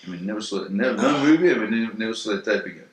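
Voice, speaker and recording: Low-voiced man telling a story in a roomy space. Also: lively intonation, rapid-fire. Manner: vivid, acts out sounds and voices in the story. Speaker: interviewee recounting a first-hand story. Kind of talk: animated storytelling. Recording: roomy echo.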